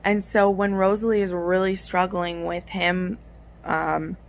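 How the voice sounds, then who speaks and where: A woman's voice: fairly low pitch, flat delivery, unhurried, vocal fry. A young woman vlogging about a book she is reading, chatty and gushing, with many fillers. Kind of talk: casual reading vlog.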